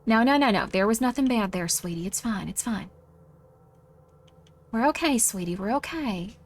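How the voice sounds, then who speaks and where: A woman voicing a gentle mother who softly reassures her frightened child. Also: on the high side, lively intonation, normal speed, voice pushed down. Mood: soothing. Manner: soft, reassuring, coddling.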